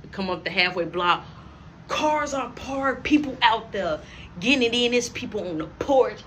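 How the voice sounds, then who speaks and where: A man's voice: very high-pitched, normal speed, a little hiss or hum. A young man telling a story from his past in a storytime vlog, acting out each person's voice. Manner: animated, acts out every voice.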